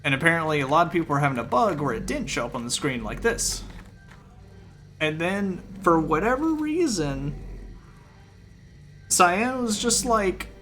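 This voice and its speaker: A man's voice: a little high, very animated, moderate pace, fairly bright tone, faint music behind. A man streaming a game, recapping his frustration in a rambling, exasperated way, often acting out his own thoughts. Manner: rambling with fillers and repeated phrases. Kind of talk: casual ranting recap of a game.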